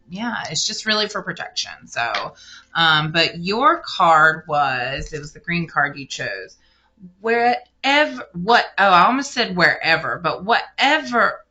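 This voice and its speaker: A woman giving a casual spiritual card reading, rambling and correcting herself as she speaks straight to the listener. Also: low voice. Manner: rambling, self-correcting, warm addressing of listener. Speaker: tarot card reader.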